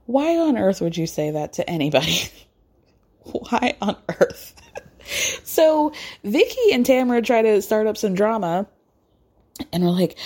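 A woman's voice: fairly low pitch, lively intonation, unhurried, dark tone. A woman casually recapping reality TV, chatty and gossipy, laughing often and acting out quotes. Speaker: podcast host recapping reality TV. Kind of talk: casual chat.

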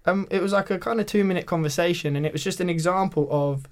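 A young man from Britain chatting on a podcast, rambling through a story with lots of filler words. His voice sits a touch higher than most men's. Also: fast, a little mellow. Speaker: podcast guest. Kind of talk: casual chat.

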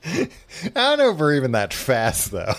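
A man's voice: fairly high pitch, huge pitch swings, normal speed, a bit bright. A man co-hosting a podcast, dry and teasing, laughing often in casual comedic chat. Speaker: podcast co-host.

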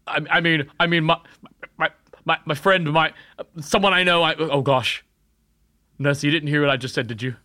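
A man goofily improvising a comedy scene on a podcast. His voice is bright and lively in pitch, recorded close and dry. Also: normal speed, long pauses, dry recording. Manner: goofy, flustered, improvising. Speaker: podcast co-host.

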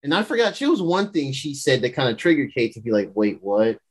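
A man's voice: on the high side, big pitch swings, fast, husky. A young man hosting a podcast, casually recapping a show in rambling slang. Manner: slangy, rambling, laughs often. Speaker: podcast host.

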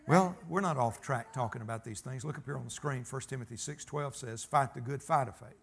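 A man's voice: mid-range voice, brisk, creaky. A man preaching a sermon, folksy and emphatic, telling stories and calling for amens. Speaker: pastor.

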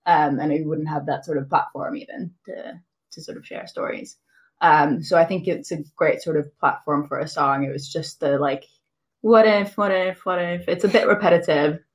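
A woman's voice: sits low, fairly even intonation, moderate pace. A woman co-hosting a podcast, chatting casually, laughing often and slipping into quoted asides. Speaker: podcast co-host. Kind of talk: casual chat.

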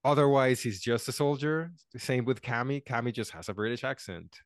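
A man hosting a casual podcast chat, rambling and halting with many fillers. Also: mid-range voice, smooth, no echo, studio quality.

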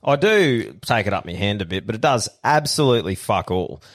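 A man's voice: fairly low pitch, expressive, a little fast. A young Australian man hosting a podcast, telling sweary, laddish stories in casual chat. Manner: laddish, sweary, laughing storyteller. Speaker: podcast host.

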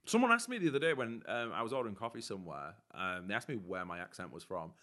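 Bright lively man with a Teesside accent. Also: on the low side, fast. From Teesside, England. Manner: chatty, upbeat, filler-heavy. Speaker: podcast co-host. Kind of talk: casual chat.

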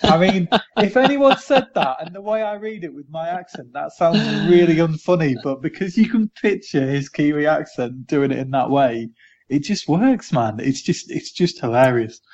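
A man's voice: a little high, expressive, normal speed, a little mellow. A man, co-hosting a casual podcast chat and quoting film lines between laughs. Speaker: podcast co-host. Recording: muffled lo-fi audio.

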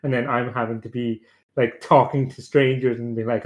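A man's voice: mid-range voice, moderate pace. A young man hosting a casual podcast panel chat, talking bluntly, swearing a lot and mocking other parents in put-on voices. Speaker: podcast host.

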